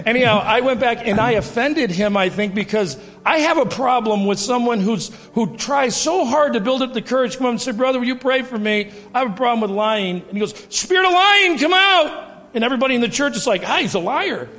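Animated fifty-something man testifying in a church hall. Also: very high-pitched, a little fast, hardly any pauses. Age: 50s. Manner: animated storytelling, acting out quoted dialogue, laughing at himself. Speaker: guest speaker giving testimony. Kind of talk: testimony and preaching to a congregation. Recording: reverberant hall with faint music.

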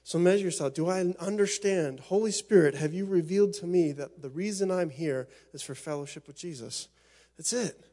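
Impassioned man preaching, voice somewhat high. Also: moderate pace, dark tone. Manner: impassioned, repeats himself, restarts phrases. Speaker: pastor. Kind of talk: sermon.

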